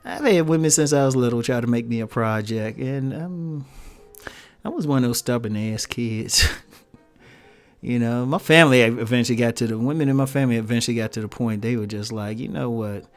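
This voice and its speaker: A man's voice: mid-range voice, fairly quick, soft background music. A man hosting his own video channel, talking casually to his audience, laughing often and posing rhetorical questions. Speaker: YouTube host addressing viewers. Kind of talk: casual talking-head commentary.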